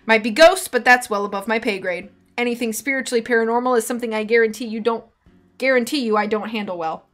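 A woman reading aloud voices a bumbling, easily spooked male deputy who calls out loudly. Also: on the high side, quick pace, lightly acted. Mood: relieved. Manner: loud, blustery calling out.

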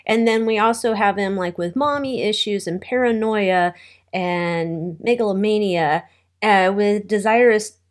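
Woman tarot reader, casual and chatty, wry asides, mid pitch. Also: unhurried.

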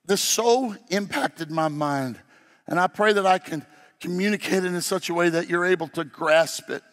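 A male pastor preaching a sermon, swinging from loud, emphatic declarations to hushed, low passages. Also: moderate pace. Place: large church sanctuary. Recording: long hall reverb.

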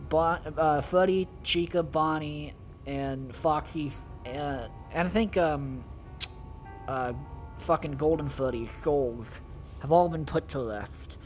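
A man talks through a video game at an unhurried pace, swearing constantly and sounding exasperated. He rambles from one thought to the next, with faint music under his voice. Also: a little high. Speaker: gaming video creator. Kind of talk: casual let's-play commentary.

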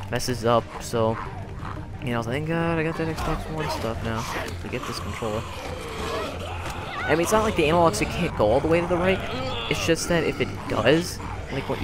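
A man's voice: on the high side, heavy background noise. A young man giving let's play commentary on a story game, reacting frantically to the action. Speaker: gamer playing through a story game. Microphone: desk microphone. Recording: game music playing under the voice.

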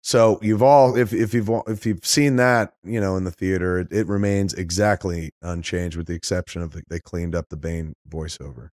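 A middle-aged man hosting a podcast, talking in a rambling, animated way and swearing often. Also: low-pitched, normal speed, few pauses, no room sound, studio quality. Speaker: podcast host. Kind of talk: casual chat.

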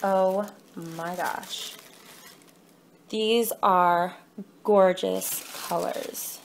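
A young woman with a mid-pitched voice gushes over each gift she unboxes, full of excited thank-yous and quick apologies to her viewers. She is filming herself on a phone held in one hand in her kitchen, and a faint hiss of room noise sits under her voice. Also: creaky. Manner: gushing, excited, apologetic asides. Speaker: vlogger. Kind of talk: casual unboxing vlog. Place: home kitchen.

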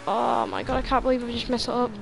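A young woman gives live commentary on online races while on voice chat with friends, her fairly high, creaky voice moving little in pitch at a quick pace. There is slight background noise, and under pressure she grows frustrated and repeats words.

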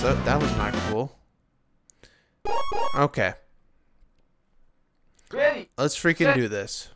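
Excitable young man gaming over music. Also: mid-range voice, slow pace, pauses often. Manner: excitable, grows frustrated and shouts at the game. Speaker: let's play gamer. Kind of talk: casual gameplay commentary. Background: video game music.

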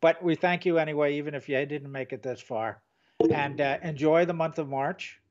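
A man's voice: fairly high pitch, moderate pace, a little mellow, highs cut off. An older man co-hosting a casual chat, rambling and trailing off mid-sentence. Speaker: co-host.

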